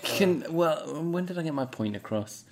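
A man's voice: fairly high pitch, animated, normal speed, a little mellow. A man co-hosting a podcast in casual chat, telling stories in a rambling, hesitant way. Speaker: podcast co-host.

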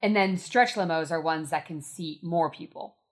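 A woman with a low voice for a woman chats with friends. She explains things matter-of-factly and tells chatty little stories. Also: moderate pace. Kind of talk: casual group chat.

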